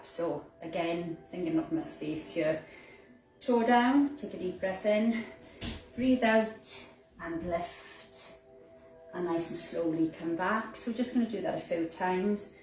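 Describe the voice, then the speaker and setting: A woman guides a Pilates class at an unhurried pace, her voice pitched a little low. She is some way from the mic in a roomy space in a house, with faint background noise. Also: far from the mic. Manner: calm, slow cueing of breaths with fillers. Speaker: fitness instructor. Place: room in a house.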